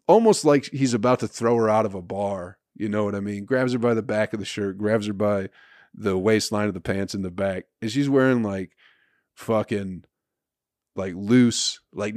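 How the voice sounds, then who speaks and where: A man's voice: lowish voice, a little mellow, no room sound, studio quality. A man hosting a podcast, telling a profane comic story with frequent laughs and swearing. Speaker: podcast host. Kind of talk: profane comedic rant.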